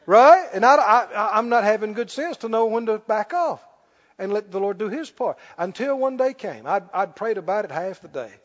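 A man preaching a sermon, telling a story with laughs and loud bursts of prayer. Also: sits high, lively intonation, moderate pace. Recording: dull lo-fi sound with long hall reverb.

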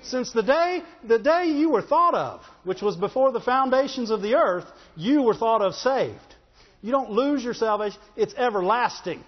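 A man's voice: extremely high pitch, animated, normal speed. A man preaching a sermon as pastor. He is emphatic and conversational, with joking asides and calls for an "amen" from the congregation. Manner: emphatic preaching with audience call-outs. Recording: echoey hall, dull lo-fi sound.

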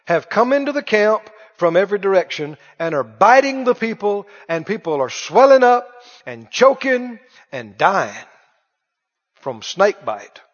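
A man preaching a sermon to a congregation in an auditorium, dramatic and questioning, slowly drawing out key words. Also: high voice, sing-song. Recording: dull lo-fi sound with long hall reverb.

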